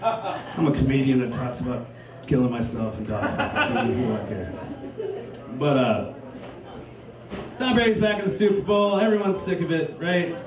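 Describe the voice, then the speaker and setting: A man's voice: mid-range voice, animated, moderate pace, pauses often. A man performing a crude, rambling, self-deprecating stand-up comedy set. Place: comedy club stage with live audience. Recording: echoey club, distant mic, crowd laughter.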